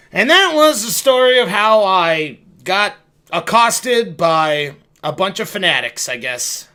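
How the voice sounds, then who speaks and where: A man's voice: sits high, big pitch swings, slow pace, bright, forceful tone, clear, resonant tone. A young man telling a rambling, profane, self-mocking story straight to his viewers. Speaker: video creator. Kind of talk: casual storytelling monologue.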